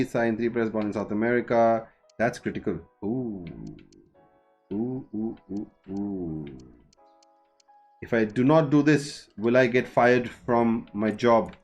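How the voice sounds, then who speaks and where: A man streaming a football management game, chatting casually and haggling out loud with the players he signs. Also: medium pitch. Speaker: gaming streamer.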